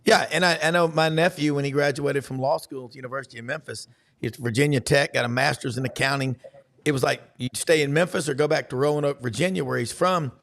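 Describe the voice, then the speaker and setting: Gravelly, folksy Southern sports host. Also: male voice, mid-range voice, steady tone, fast talker, a bit bright. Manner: folksy, rambling with many fillers. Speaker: podcast host. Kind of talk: casual sports talk.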